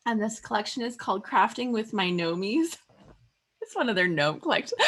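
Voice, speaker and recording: A woman's voice: mid-range voice, big pitch swings, normal speed, a bit bright. A woman hosting a casual scrapbooking livestream, chatty and bubbly, laughing often and filling with "like.". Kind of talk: casual craft livestream chat.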